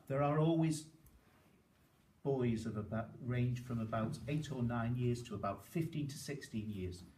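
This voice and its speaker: A man with a Liverpool accent talks to learners in a chatty, explaining way, often pausing to check that he's understood. His voice sits at an ordinary pitch. He sounds set back from the mic in an echoey room with a faint hiss behind him. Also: a little mellow, distant mic. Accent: Liverpool (Scouse). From Liverpool, England. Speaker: speaker giving a talk. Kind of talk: informal talk to learners.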